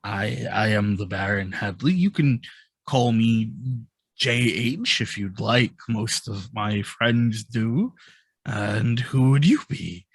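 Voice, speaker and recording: A man's voice: on the low side, animated, slow, breathy edge, no room sound, full character voice. A man voicing a big, older male baron who is enthusiastic and apologetic in a tabletop game. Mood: effusive. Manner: effusive, apologetic, warmly enthusiastic.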